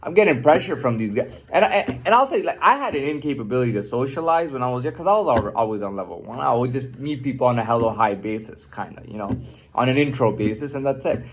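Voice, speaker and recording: A man's voice: medium pitch, expressive, fast, slight background noise. A man delivering an unscripted, profane, defiant monologue rant, often repeating and restarting his words.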